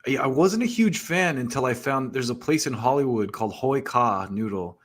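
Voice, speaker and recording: A man's voice: mid-range voice, lively intonation, normal speed. Laid-back joking man hosting a live show. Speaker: podcast host. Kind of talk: casual live-stream chat.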